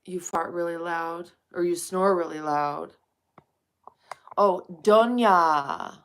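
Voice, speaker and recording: A woman's voice: on the low side, fairly even intonation, slow pace, smooth. A woman live streaming at night, chatting casually with viewers and calling them honey and darling.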